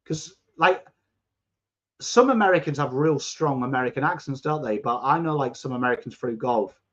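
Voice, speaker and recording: Over dull, lo-fi stream audio, a coarse-voiced Englishman hosts a football watchalong, chatting, reading viewer comments and shouting out at the play. He's excitable and swears, speaking at a medium pitch and moderate pace.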